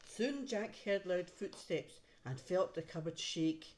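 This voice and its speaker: A woman reads a picture book aloud to a child in a low voice. She stops now and then to point out the pictures on the page. The reading is gentle and easy to follow. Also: expressive, takes it slowly, a little hiss or hum. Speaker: reader to a child. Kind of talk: storybook read-aloud.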